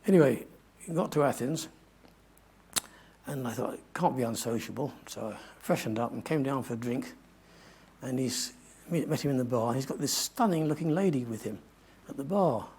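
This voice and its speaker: A man's voice: medium pitch, animated, normal speed, darkish tone, slightly rough. An older man giving a talk to an audience, telling a long adventure story in a rambling way and often correcting himself. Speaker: guest speaker.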